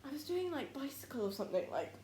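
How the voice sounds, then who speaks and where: A woman's voice: high voice, very animated, quick pace, mellow. A young woman vlogging from her kitchen, rambling and giggly, her voice swinging up and down as she chats. She sounds tired and keeps yawning. The room is echoey, with a faint hum behind her. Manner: rambling, giggly, full of "like" and "literally". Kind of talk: casual chatty vlog while cooking. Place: home kitchen, indoors.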